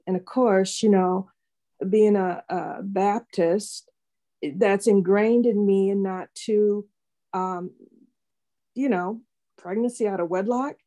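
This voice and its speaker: A woman's voice: medium pitch, warm tone. A woman in her sixties sharing a personal testimony with a Bible study group, rambling and heartfelt with many fillers. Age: 60s.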